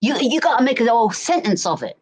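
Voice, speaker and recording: A middle-aged Englishwoman with a Berkshire accent chats casually on a stream, often asking "do you know what I mean." Her voice is on the high side, sing-song and quick, a little mellow with a breathy edge, picked up by a desk mic in a rough recording.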